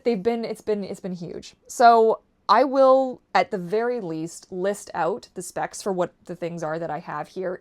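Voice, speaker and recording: A young woman from Canada talking candidly to camera in a rambling vlog, swinging from quiet asides to loud ranting and swearing. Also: medium pitch. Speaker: vlogger.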